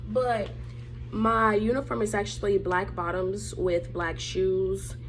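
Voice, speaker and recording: A woman's voice: mid-range voice, slow, slight background noise. A young woman, telling a candid story time to her viewers with lots of laughter. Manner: laughing often, animated and candid, slangy. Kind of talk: casual storytime chat to viewers.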